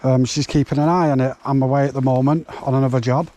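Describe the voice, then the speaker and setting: A man quoting a calm father on the phone who asks politely and reasonably for courtesy toward his daughter. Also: medium pitch, quick pace, lightly acted.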